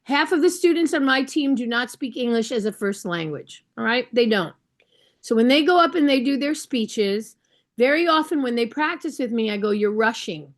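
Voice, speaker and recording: A woman's voice: high voice, expressive, normal speed. A woman coach training new judges over a video call, talking in a conversational, instructive way and often checking in with the listeners. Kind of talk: online training session.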